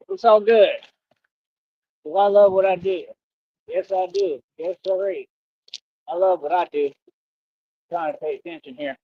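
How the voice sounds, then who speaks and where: A boastful, swaggering man riffing on a livestream, his voice sitting high and full of street slang. The sound is dull and lo-fi, like a cheap stream mic. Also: steady tone, unhurried, long pauses. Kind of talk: casual livestream monologue.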